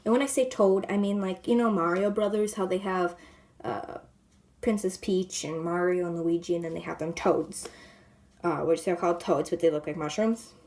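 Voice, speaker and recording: A woman's voice: fairly low pitch, fairly even intonation, normal speed. A woman vlogger telling a long story in a casual, rambling way, full of "like" and "you know", sometimes dropping to a whisper. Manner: drops to a soft whisper at times.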